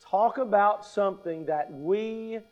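A middle-aged man delivers a sermon in a fairly high voice, taking his time over every phrase. He repeats his key points and puts rhetorical questions to the congregation, and his delivery stays measured and emphatic. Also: highs cut off. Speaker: pastor.

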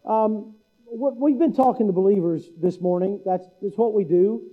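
Middle-aged male preacher, folksy, high voice, muffled lo-fi sound. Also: normal speed. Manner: folksy, mimics local speech for laughs. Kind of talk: sermon. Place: church hall.

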